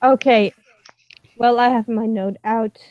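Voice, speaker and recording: A woman's voice: a little high, steady tone, a little slow, no room sound, phone-quality sound. A woman co-hosting a casual stream chat, self-deprecating and stumbling over her words. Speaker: stream co-host.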